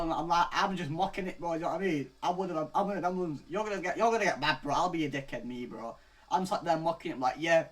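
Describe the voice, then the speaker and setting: A late-teen vlogger with a somewhat high voice races through a rambling, profane story. "Bro" caps nearly every phrase as he lurches from muttering to shouting.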